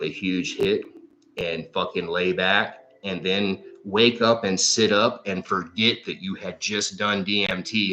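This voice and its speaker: A man's voice: sits low, bright, forceful tone, slight background noise. A man telling a long rambling story on a livestream, swearing often and full of fillers. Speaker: psychic livestream host. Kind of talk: casual storytelling monologue. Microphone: livestream microphone.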